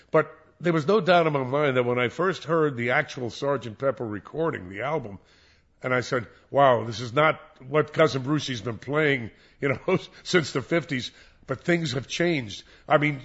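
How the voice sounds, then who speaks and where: An older man, a former radio disc jockey, reminiscing in an interview in a rambling, animated way with many restarts. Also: medium pitch. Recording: dull lo-fi recording.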